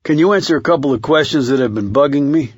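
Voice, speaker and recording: A man's voice: fairly high pitch, fast talker, slightly rough, dry recording, clean studio sound. A man voicing a terse male detective who asks level, probing questions.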